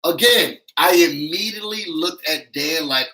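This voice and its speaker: A man giving an animated, sassy recap of a reality show, acting out what others said with emphatic asides to his viewers. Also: a little high, moderate pace, poor audio. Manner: sassy, emphatic, acts out quotes. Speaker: YouTube reality-show reviewer.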